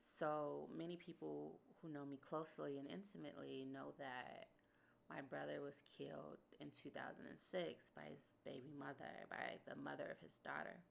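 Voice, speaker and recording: A woman's voice: low voice, steady tone, normal speed, creaky, a little hiss or hum. A woman hosting a podcast, talking through a personal reflection in an earnest, emphatic way and repeating phrases for stress. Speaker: podcast host.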